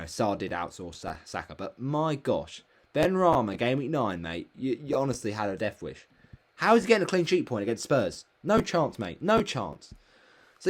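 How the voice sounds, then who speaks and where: A young man reviewing his fantasy football season, exclaiming and grumbling about players in casual solo commentary. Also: medium pitch. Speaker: fantasy football channel host.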